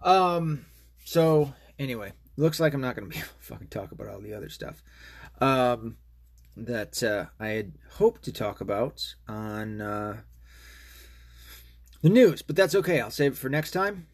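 A man's voice: medium pitch, expressive, moderate pace. A man hosting a podcast, talking in a casual, rambling and profane rant. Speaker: podcast host. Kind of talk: casual monologue.

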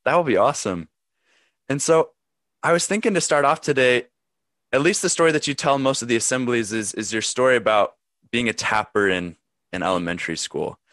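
A man's voice: mid-range voice, fairly quick, fairly bright tone, no room sound. A man hosting a podcast, interviewing his guest in a casual, enthusiastic and encouraging way. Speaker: podcast host.

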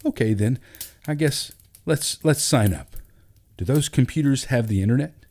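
A man's voice: mid-range voice, animated, moderate pace, a little mellow, voice pushed up. A man voicing a nervous, sheepish father who stammers and hesitates.

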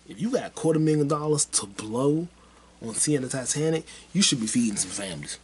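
A man's voice: mid-range voice, lively intonation, brisk, husky. A man hosting his own podcast, rambling through a casual solo monologue in a crude, heated way and mocking people with repeated put-downs. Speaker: podcast host.

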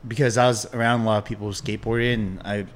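A man's voice: fairly low pitch, fast. Laid-back man hosting a chat. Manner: relaxed, hesitant with many restarts. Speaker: podcast host. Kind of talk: casual chat.

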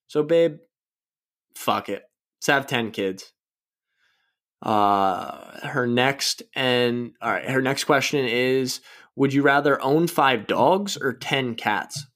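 A man's voice: medium pitch, a bit bright. Young male podcast host, casual and loose, swears freely, pokes fun at himself. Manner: rambling, profane, self-mocking. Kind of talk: casual solo podcast chat.

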